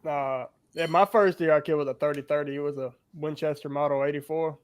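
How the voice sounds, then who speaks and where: A man's voice: on the high side, fairly even intonation, fast talker, clean tone. A man hosting a podcast, rambling in casual chat with many fillers. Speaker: podcast host.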